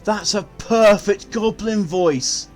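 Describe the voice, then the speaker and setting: A man's voice: high voice, slow pace, a little mellow, soft background music. A man chatting casually with viewers while streaming a game, blunt and given to swearing. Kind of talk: casual live-stream chat.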